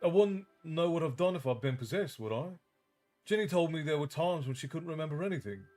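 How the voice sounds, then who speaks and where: A man's voice: on the high side, lively intonation, fairly quick, a little mellow, faint music behind, close to an everyday voice. A man reading aloud, voicing a troubled teenage wizard boy who answers defensively and firmly. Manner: defensive, firm.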